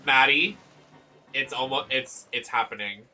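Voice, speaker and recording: A man with a Boston accent chats casually while streaming a game, greeting viewers and breaking into loud, excited exclamations. His voice is medium in pitch and his pace is slow.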